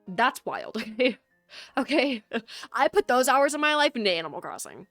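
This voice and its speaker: A woman's voice: high-pitched, big pitch swings, moderate pace, a bit bright, no echo, soft background music. Chatty, teasing woman streamer. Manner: chatty, teasing, laughs often, slangy. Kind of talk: casual game stream chat.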